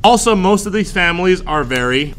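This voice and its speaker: Lively joking male history teacher. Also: high voice, fairly quick, slight background noise. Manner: lively, jokey, acts out voices. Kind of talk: classroom history lecture. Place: classroom.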